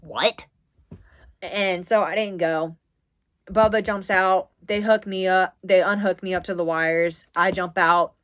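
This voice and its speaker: A woman's voice: lowish voice, steady tone, measured pace, fairly bright tone. Woman, twenties, from the US East Coast: a chatty, rambling vlog storyteller who leans on "like" as filler. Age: 20s. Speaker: vlogger. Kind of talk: casual story time.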